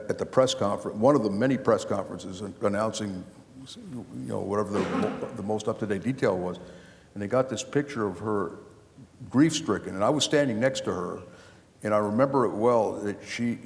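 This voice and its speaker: A man's voice: lowish voice, creaky, a little mellow. An older man, an author and former county official, telling rambling anecdotes with many restarts at a live book talk. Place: lecture hall before a live audience. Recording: long hall reverb.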